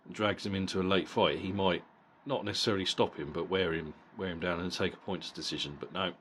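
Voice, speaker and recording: Deep-voiced blunt man reviewing a boxing fight. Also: brisk, fairly bright tone, a little hiss or hum. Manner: blunt and profane, with frequent repeated words. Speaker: boxing vlogger.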